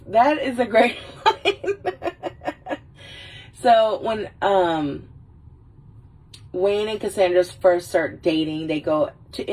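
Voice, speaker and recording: A woman with a lowish, slightly mellow voice hosts a casual livestream, rambling about movies while laughing and swearing. Her voice sounds a little far from the mic.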